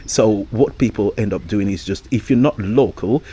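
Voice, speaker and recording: A man's voice: on the low side, normal speed, warm tone, breathy edge. A man vlogging in a casual, rambling monologue, hesitant with many fillers and restarts and frequent chuckles.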